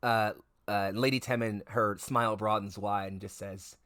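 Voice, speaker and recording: A man's voice: fairly low pitch, steady tone, normal speed, a bit bright, no room sound, clean studio sound. A man narrating a tabletop game as game master, rambling with lots of fillers and restarts. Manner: rambling, filler-heavy, self-correcting.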